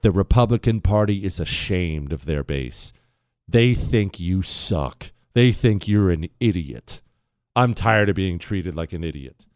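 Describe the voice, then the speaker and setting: A man hosting a talk radio show, delivering an opinionated monologue with sarcastic asides and sudden playful jumps in pitch. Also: unhurried, dry recording, studio quality. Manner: sarcastic, animated, jumps to a high playful voice when joking.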